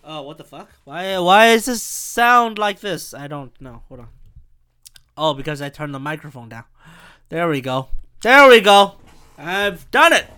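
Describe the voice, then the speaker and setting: A man hosting a rambling solo podcast from home on a desk microphone, excitable, swinging between loud bursts and quiet mumbling. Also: a little high, moderate pace, clear, resonant tone. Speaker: podcast host. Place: home room.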